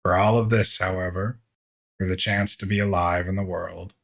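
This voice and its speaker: A man hosting a gaming channel, reading the game's story text aloud in a slow, measured way. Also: low voice, steady tone, gravelly, fairly bright tone.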